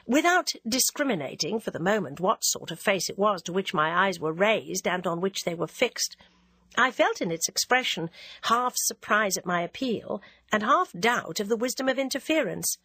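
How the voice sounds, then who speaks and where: Woman reading an old novel, steady and even, dry close sound. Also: medium pitch, normal speed, husky, dry recording. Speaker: audiobook narrator. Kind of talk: scripted narration of a classic novel.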